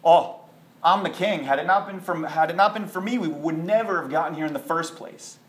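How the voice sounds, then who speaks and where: A man voicing a pair of proud, bragging talking feet in a parable, loud and boastful. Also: fairly high pitch, a little fast, natural voice. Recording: echoey room.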